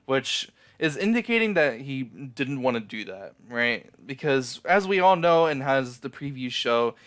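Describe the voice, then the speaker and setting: Smooth-voiced young man recapping an anime. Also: medium pitch, very animated, measured pace, a bit bright. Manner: rambling, frequent fillers and profanity. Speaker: anime reviewer. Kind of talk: casual episode recap.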